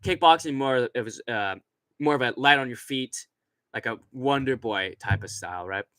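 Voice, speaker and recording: Bright-voiced young streamer man. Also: medium pitch, moderate pace, dry recording. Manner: crude, rambling, laughs often; reads out chat messages. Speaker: streamer host. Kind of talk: casual live-stream chat.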